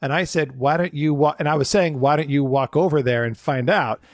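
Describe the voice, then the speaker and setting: A man in casual podcast chat, telling a story with lively acted-out quotes. His voice sits a little on the high side. The sound is dry and close, with no room around it. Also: brisk, dry recording. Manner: animated storyteller acting out quotes in raised voices. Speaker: podcast co-host, former theme park worker.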